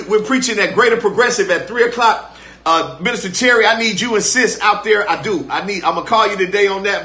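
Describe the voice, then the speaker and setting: A man's voice: sits high, bright, forceful tone, reverberant. An older man preaching a live-streamed sermon as pastor, fervent and repetitive, calling on listeners to respond.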